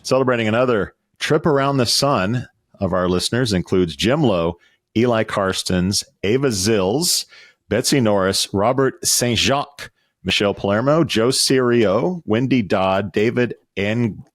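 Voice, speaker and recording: A middle-aged man with a very low, deep voice hosts a casual podcast chat. He is chatty and joking, and rattles through sponsor plugs and lists of names. The sound is close and dry. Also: measured pace, no echo. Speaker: podcast host.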